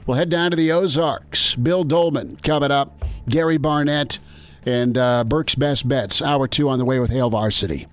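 A man's voice: mid-range voice, moderate pace, soft background music. A man hosting a sports talk radio show, chatty and upbeat, moving between ad reads and questions for a guest.

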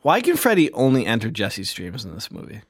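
A man's voice: mid-range voice, wildly swooping pitch, fairly quick, slightly rough. A young man co-hosting a casual horror film podcast, incredulous and laughing. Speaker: podcast co-host. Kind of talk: casual chat about horror films.

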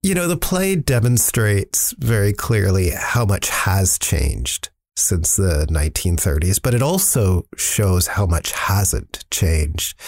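A man hosting a radio interview, asking calm questions and encouraging his guest. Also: on the low side, dry recording, clean studio sound. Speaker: radio host.

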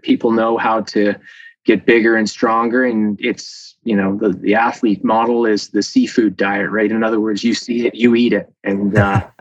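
A man, a scientist guest, explaining in a lively, conversational way with many fillers and frequent laughs. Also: fairly low pitch, no room sound, dull audio. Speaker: muscle protein scientist guest. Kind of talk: conversational interview.

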